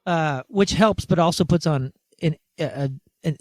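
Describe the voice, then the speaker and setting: A man guest on a podcast, telling a story in a casual, animated way and acting out the quoted conversations. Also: on the high side, moderate pace, dry recording.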